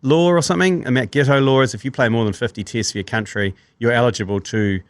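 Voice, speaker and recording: A New Zealand man hosting a rugby podcast in a mid-pitched voice, relaxed, with quick asides and easy laughs. His voice is recorded close and dry. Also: no room sound. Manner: laid-back, laughs often, quick asides. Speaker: podcast host. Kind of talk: casual sports banter.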